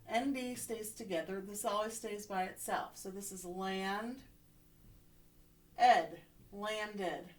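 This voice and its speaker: A woman's voice: medium pitch, a bit bright. A woman teacher giving a phonics lesson to young children from home, encouraging and often checking in with "right?".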